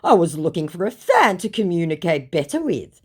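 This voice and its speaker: A woman's voice: lowish voice, big pitch swings, moderate pace, husky, pitched above the performer's own voice. A woman voicing a pushy male scammer who poses as a celebrity, in a mock-sweet, wheedling manner.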